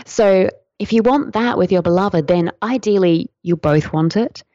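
A woman talking as a podcast guest, explaining tantra in a flowing, earnest, gently instructive way. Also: mid-range voice, unhurried, no echo. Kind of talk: podcast interview answer. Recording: dry, dull lo-fi sound.

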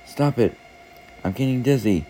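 A man's voice: lowish voice, big pitch swings, slow pace, vocal fry, mellow, slight background noise, pitched above the performer's own voice, exaggerated voice. A man voicing a talking teacup that pleads with its maker in a storybook tale. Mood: pleading. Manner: cries out in distress.

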